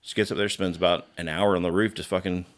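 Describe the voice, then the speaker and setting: A man co-hosting a podcast, telling stories in casual, profane, animated chat. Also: low voice, fast talker. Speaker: podcast co-host.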